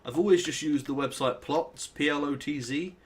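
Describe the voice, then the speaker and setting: Rambling British lad narrating gameplay. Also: male voice, on the high side, moderate pace. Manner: rambling, self-deprecating, thinks aloud while playing. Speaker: let's play host. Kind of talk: casual gameplay commentary.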